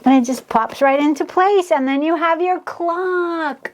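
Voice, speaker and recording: A woman's voice: very high voice, slight background noise. A woman hosting a casual crafting tutorial, walking through each step in a chatty way and gushing over the results. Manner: gushing, gasps and squeals over her crafts; unhurried, chatty step-by-step explaining. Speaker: DIY craft channel host.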